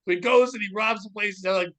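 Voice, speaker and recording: A man's voice: high voice, fast, a bit bright, rough recording. A man hosting a casual comedy podcast, reading news stories aloud with laughter and acting out the people in them.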